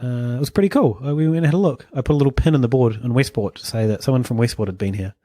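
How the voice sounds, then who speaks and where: A man co-hosting a podcast in casual chat, rambling with quick chuckling asides. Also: medium pitch, dark tone, dry recording, clean studio sound. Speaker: podcast co-host.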